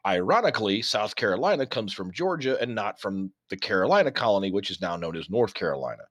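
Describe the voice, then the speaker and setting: A man's voice: lowish voice, very animated, fast talker, fairly bright tone, dry recording. A man from Texas co-hosting a casual podcast, rambling and swearing as he lectures on history and word pronunciation. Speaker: podcast co-host. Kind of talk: casual chat.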